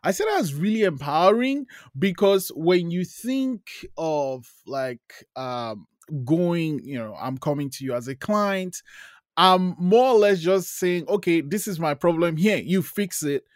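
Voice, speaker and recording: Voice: mid-range voice, animated, a little slow, no echo, studio quality. An interviewer responding enthusiastically and reflectively to a guest in a conversational interview.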